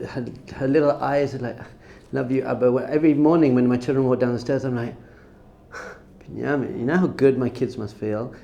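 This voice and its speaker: A middle-aged man teaching a Torah class, acting out cheering crowds with gasps and sudden shouts. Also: mid-range voice.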